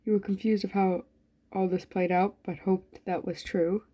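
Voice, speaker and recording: A woman's voice: mid-range voice, level tone, moderate pace, mellow. Giggly, swearing woman reading a story game. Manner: giggly, profane, frequent laughter. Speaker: gaming YouTuber.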